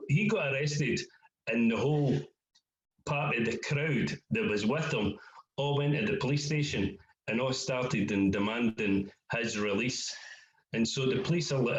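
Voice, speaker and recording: A man's voice: medium pitch, a little slow, far from the mic. A man recounting events in casual chat, plain and matter-of-fact. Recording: dull, echoey sound with faint noise.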